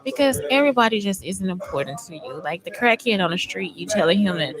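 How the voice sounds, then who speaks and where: Woman podcast host, low voice, casual, rambling, swears a lot, crowd chatter in the background. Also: brisk, few pauses, rough recording. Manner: rambling, profane, chatty with listeners. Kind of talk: casual livestream podcast chat.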